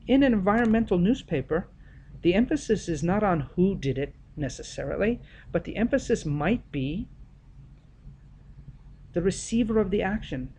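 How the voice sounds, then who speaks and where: A male teacher giving an explanatory grammar lesson, speaking deliberately and stressing the key words of example sentences. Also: on the high side, a little mellow, a little hiss or hum.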